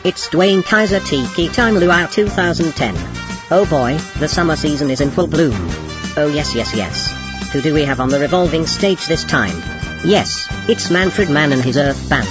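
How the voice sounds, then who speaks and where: A man's voice: fairly high pitch, lively intonation, moderate pace, lo-fi sound, over music. A man doing a comedic announcer bit in a campy, mock-enthusiastic way.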